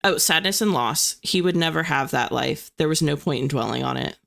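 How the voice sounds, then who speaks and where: A woman's voice: low-pitched, expressive, brisk, creaky, fairly bright tone. A young woman hosting a writing livestream, chatting in a bubbly way and reading viewers' messages aloud. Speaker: livestream host of writing sprints. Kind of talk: casual chat to live viewers.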